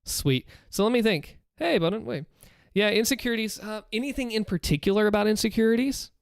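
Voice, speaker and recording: Man, fairly high voice, smooth and clear, casual live-stream chat, earnest rambling advice, dry close desk mic. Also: brisk, dry recording. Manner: earnest, rambling, lots of restarts, advice-giving. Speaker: streamer answering viewer questions. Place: home room, seated in a chair. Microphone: desk microphone.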